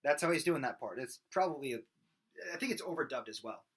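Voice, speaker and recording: Quick-paced and lively in intonation, this medium-pitched male voice has a breathy edge. He's a vocal coach running a casual singing lesson, rambling loosely with plenty of fillers and restarts, then breaking into loud belted and screamed examples.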